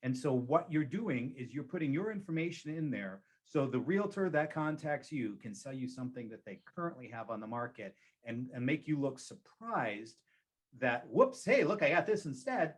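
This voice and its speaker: A man's voice: medium pitch, animated, moderate pace, hardly any pauses. A man who works as a real estate agent, giving advice in a conversational interview and repeating key phrases for emphasis.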